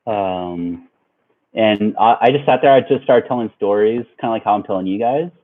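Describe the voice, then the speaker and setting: Over tinny, phone-like audio, a young man with a lowish voice rambles through a long story for his viewers at a moderate pace. It's casual vlog storytelling, relaxed and full of filler words.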